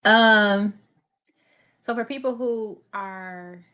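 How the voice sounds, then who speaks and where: A woman's voice: mid-range voice, extremely slow, pushed and bright. A woman answering a question on a live panel, talking frankly and bluntly with a laugh. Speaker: panel guest. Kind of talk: casual live Q&A chat.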